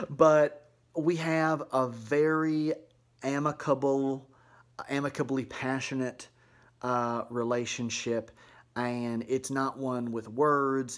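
A man playing a sugary, middle-aged mom vlogger, chatting to camera in a folksy, chirpy way with offhand dark asides. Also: mid-range voice, close to an everyday voice. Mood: sweet. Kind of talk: comedic vlog monologue to camera.

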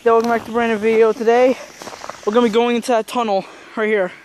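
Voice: mid-range voice, level tone, quick pace, a little hiss or hum. A vlogger nervously narrating a casual exploration inside a wet, icy tunnel, hesitant and full of fillers. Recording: loud music over the voice.

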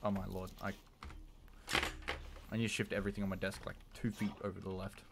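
A young man commentating his own live gameplay, jumping between loud yelps and low muttering. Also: level tone, quick pace, vocal fry. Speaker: livestreamer. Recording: noisy home stream mic with key clicks.

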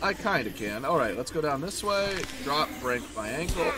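Over music, a gaming channel host plays a horror game, joking with the enemy and yelping every time he gets hit. His voice is fairly high and sing-song, at a moderate pace.

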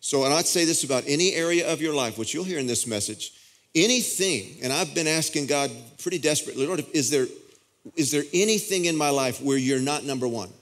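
A man's voice: a little high, fairly quick, fairly bright tone. A male pastor preaching a sermon in a conversational way, often restarting his sentences. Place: church auditorium.

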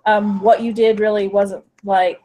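A woman podcast host asking an interview question with many pauses and ums. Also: medium pitch, flat delivery, mellow. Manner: hesitant, many ums while forming questions.

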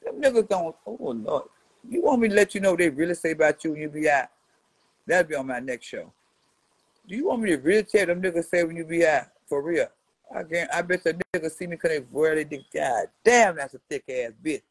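A woman's voice: deep voice, expressive, a little fast, slightly rough, no echo, poor audio. Brash trash-talking woman in her seventies. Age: 70s. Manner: brash, mocking, swings from mutters to loud jabs. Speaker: social media personality answering a rival. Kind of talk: profane trash-talking response rant.

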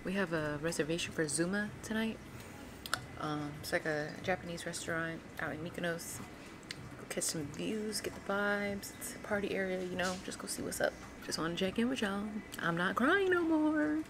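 A woman's voice: fairly low pitch, steady tone, normal speed, noisy background. A woman in her thirties vlogging casually, gushing and emotional as she talks straight to her viewers. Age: 30s. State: teary. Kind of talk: casual travel vlog chat. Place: hotel room and terrace.

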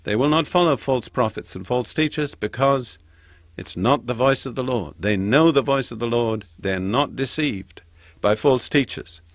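An older man giving a Bible teaching, slowing down to stress each quoted verse. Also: medium pitch, no echo. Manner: slows down and stresses quoted scripture. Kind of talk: sermon-style Bible teaching.

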